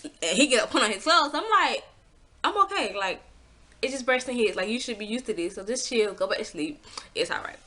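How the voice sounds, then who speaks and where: A young woman in her twenties telling a storytime to camera, casual and blunt, acting out her own past lines with big swings in pitch. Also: lively intonation, fairly quick, pushed and bright. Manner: blunt, swears freely. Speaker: vlogger.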